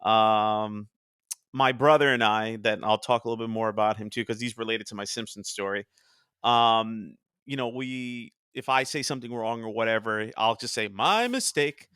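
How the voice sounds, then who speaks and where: A young man from New Jersey hosting a casual podcast chat, chatty and quick to quote cartoon lines in animated voices. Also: on the low side, clear, resonant tone, no room sound, clean studio sound. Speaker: podcast host.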